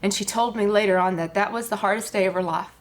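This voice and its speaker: A woman's voice: medium pitch, fast. A woman, a guest giving an earnest personal testimony with many fillers. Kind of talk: personal testimony on a talk show.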